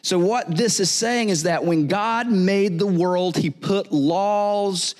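A man's voice: high-pitched, slow, a little mellow. A man preaching a sermon in a conversational, joking way, often repeating words and checking in with "right?". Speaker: pastor.

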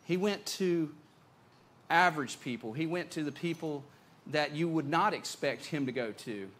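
A man preaching a sermon as pastor, conversational and animated, often repeating words as he goes. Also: a little high, moderate pace.

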